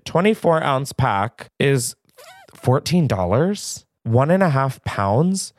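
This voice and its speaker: A man's voice: medium pitch, big pitch swings, takes it slowly, dry recording, clean studio sound. A young man hosting his own podcast, chatting casually in a rambling, self-deprecating way with lots of asides. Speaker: podcast host. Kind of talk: casual solo podcast chat.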